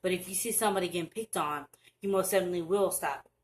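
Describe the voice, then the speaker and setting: A woman's voice: on the low side, a little hiss or hum, rough recording. Earnest young woman vlogging advice. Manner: earnest, halting, with many restarts. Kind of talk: casual advice vlog. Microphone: camera mic, looking down at screen.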